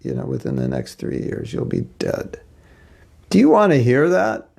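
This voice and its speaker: A man's voice: mid-range voice, huge pitch swings, normal speed, gravelly, darkish tone. A man giving a spiritual lecture class in a conversational way, asking rhetorical questions and acting out quotes. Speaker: spiritual teacher.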